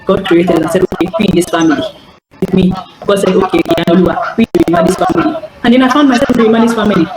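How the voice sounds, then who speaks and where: A woman's voice: medium pitch, fast talker. A woman giving an earnest, repetitive live coaching talk over call audio. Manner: earnest, repeats phrases, stammers on restarts. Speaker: healing coach. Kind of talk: live online teaching talk. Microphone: online call audio. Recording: echoey, noisy call audio.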